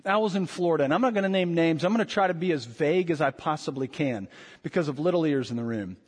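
A man with a high voice preaches in a church sanctuary, pressing his listeners with rhetorical questions. He swings between forceful lines and hushed, intimate ones. His voice trails off into the long reverb of a large hall. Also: fast, breathy edge. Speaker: pastor. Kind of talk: sermon.

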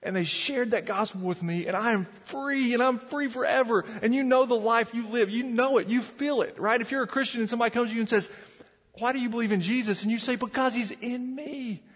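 Earnest pastor, high voice, hall reverb. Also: male voice, a little fast, a bit bright, husky. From Virginia mountains. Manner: earnest, repeats words when building emphasis. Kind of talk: sermon.

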